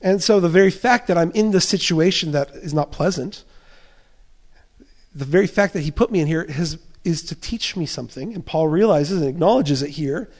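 Impassioned male preacher, fairly high voice. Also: moderate pace. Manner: impassioned, voicing Paul's inner thoughts, swings from loud to soft. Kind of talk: sermon.

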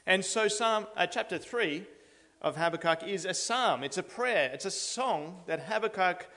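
A man's voice: sits high, lively intonation, unhurried, pushed and bright. A man with a slightly raised voice preaches an earnest sermon in a church. He builds steadily toward emphatic declarations. His words ring out with the long reverb of a large hall. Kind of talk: expository sermon.

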